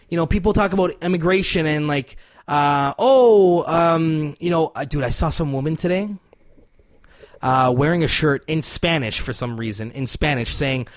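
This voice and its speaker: A young man from Cuba, a podcast guest, telling stories in a loose, profane, slang-filled way. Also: fairly high pitch. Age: young adult. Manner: profane slangy storytelling, fillers like bro and dude. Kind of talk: casual chat.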